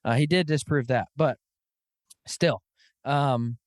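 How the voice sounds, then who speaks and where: Animated storytelling podcast host, man. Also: medium pitch, takes it slowly, dry recording, studio quality. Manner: animated storytelling, lots of "dude" and "like". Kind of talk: casual chat.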